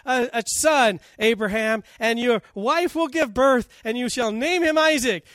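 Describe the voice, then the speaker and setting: A man voicing God as He declares a solemn promise, emphatic and loud. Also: very high-pitched, a little slow, no room sound, studio quality, voice pushed up. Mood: proclaiming.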